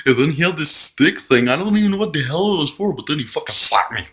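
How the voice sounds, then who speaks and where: A man's voice: fairly high pitch, expressive, fast talker, fairly bright tone. A man telling a crude, rambling comic story in a naive, childlike manner, full of profanity.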